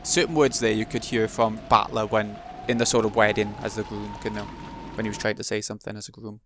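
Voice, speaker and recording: A man's voice: on the low side, little pitch movement, fast, fairly bright tone. A man hosting a let's play, reading a visual novel's text aloud with expression and breaking off now and then for casual remarks of his own. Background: background music.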